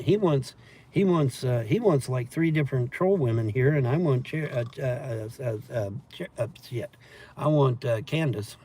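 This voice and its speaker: A man's voice: mid-range voice, warm tone, a little hiss or hum. A man hosting a livestream, rambling casually and profanely as he reads and answers chat comments. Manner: profane, meandering storytelling with laughs. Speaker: livestream host reading chat.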